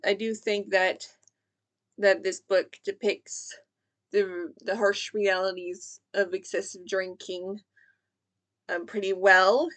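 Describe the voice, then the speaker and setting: A woman's voice: mid-range voice, level tone, slow pace, a bit bright. A young woman giving a casual book review, thinking aloud with fillers and restarts.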